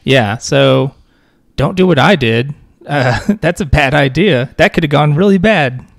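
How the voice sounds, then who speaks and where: A young man rambles through relaxed podcast banter with a gravelly, fry-heavy voice. He jokes and laughs easily. The sound is dry and close, with no room echo. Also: fairly high pitch, unhurried. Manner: joking, rambling, laughs often. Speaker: podcast co-host. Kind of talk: casual chat.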